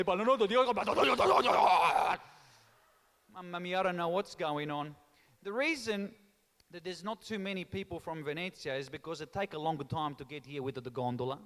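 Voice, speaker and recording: A man's voice: high voice, fairly bright tone. A man doing live stand-up comedy and teasing the crowd, mixing in Italian phrases. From Australia. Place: large town hall stage. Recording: long reverb of a hall.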